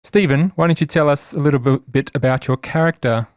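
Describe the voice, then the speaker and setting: A man running a tabletop game, reading out the rules clearly with dry asides. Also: fairly high pitch, brisk, dry recording. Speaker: game master. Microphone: podcast microphone.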